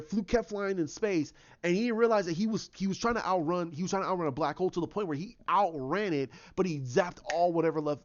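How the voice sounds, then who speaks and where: A man with a somewhat high voice, talking casually and rambling, restarting his sentences over and over. The recording sounds dull and lo-fi, without crisp highs. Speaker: fan pitching a movie idea. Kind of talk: casual retelling.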